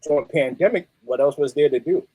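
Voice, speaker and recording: A middle-aged man, a musician guest telling stories in a streetwise, animated way. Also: fairly high pitch, brisk, slightly rough, dry recording, rough recording. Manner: animated, streetwise, peppered with "you know what I mean". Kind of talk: casual interview storytelling.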